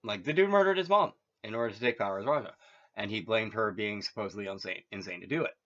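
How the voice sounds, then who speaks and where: Fast and pushed, a bright voice on the low side carries this man's rambling, casual retelling of a story, full of fillers, restarts, and chuckles at his own jokes. The recording is muffled and lo-fi.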